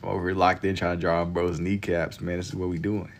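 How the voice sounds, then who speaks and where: Deep-voiced laid-back young man streaming. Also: level tone, fast, slight background noise. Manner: laid-back slangy banter with chat, frequent laughs. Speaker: livestream artist. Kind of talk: casual livestream chat.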